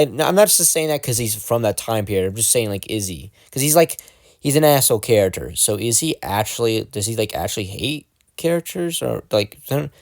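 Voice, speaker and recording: A man's voice: medium pitch, darkish tone, no room sound, clean studio sound. A young man giving casual, jokey fan commentary, rambling and interrupting himself as he goes. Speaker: video creator.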